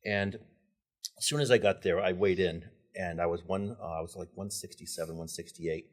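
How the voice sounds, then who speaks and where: Husky, animated middle-aged storyteller man. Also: deep voice, moderate pace. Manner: animated, laughing storyteller who acts out quoted dialogue. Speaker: podcast guest. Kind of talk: casual storytelling.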